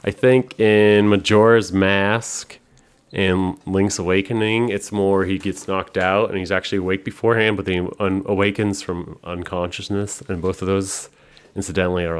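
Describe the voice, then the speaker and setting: Deep voiced guy rambling on a podcast, swears a lot, lots of likes and ums. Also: flat delivery, normal speed. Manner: rambling, profane, full of fillers. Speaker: podcast host. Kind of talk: casual chat.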